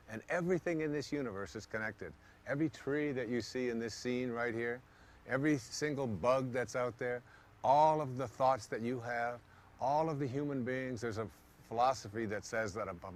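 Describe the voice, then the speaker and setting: This man's mid-range voice carries a bit of hiss or hum. Giving a motivational speech, he narrates stories and performs the people's quoted thoughts in spirited voices.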